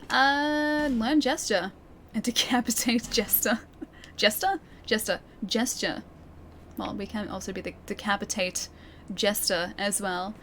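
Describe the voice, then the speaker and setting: A woman's voice: medium pitch, fairly even intonation, a little slow, a bit bright, a little hiss or hum. A young Australian woman chatting casually while playing a game, reading chat and laughing often. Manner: chatty, giggly, reads chat aloud. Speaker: streamer. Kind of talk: casual gameplay commentary.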